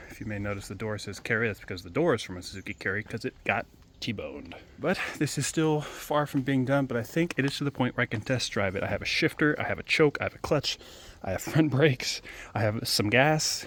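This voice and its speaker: A man hosting a garage vlog in a casual, excited way, slightly out of breath, outdoors in a driveway. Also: fairly low pitch. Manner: excited, chatty. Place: outdoor driveway and inside a small truck. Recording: loud engine noise behind. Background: loud motorcycle engine.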